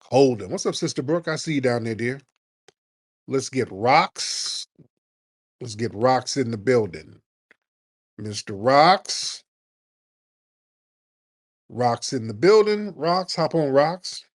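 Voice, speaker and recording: A man hosts a live call-in comedy show at a middling pitch. He talks brashly and mockingly. He sounds animated as he roasts his callers. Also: slow, long pauses, dry recording, clean studio sound. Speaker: radio show host.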